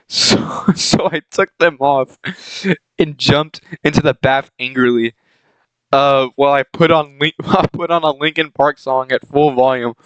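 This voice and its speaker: A man's voice: mid-range voice, measured pace, a bit bright, smooth, dry recording, low-quality recording. A young man doing a comedic reading of a fanfic aloud, often laughing and breaking off to comment on the text. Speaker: reader of a fanfic.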